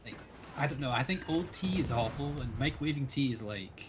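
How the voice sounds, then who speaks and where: A man's voice: medium pitch, lively intonation, brisk, background noise. A Scottish man chatting casually as a fellow player on a gaming livestream, playfully opinionated. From Scotland.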